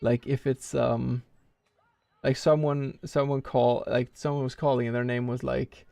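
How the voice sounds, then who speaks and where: A man's voice: medium pitch, steady tone, normal speed, creaky, a little mellow, dry recording. A man streaming a speedrun, rambling casually and thinking aloud with lots of filler words. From Norway. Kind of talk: casual live-stream chat while playing.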